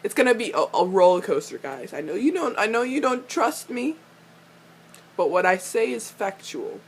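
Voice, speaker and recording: With slight noise in the background, a young woman speaks at a moderate pace while giving her fan take on a TV episode. She laughs a lot, curses constantly, and either raves about the characters or rants at them, squealing high in her excited moments.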